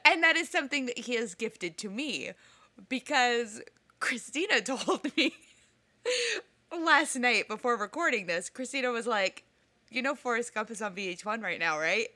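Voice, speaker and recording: A woman co-hosting a podcast in casual chat, emotional and expressive, laughing often. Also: a little high, moderate pace. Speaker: podcast co-host.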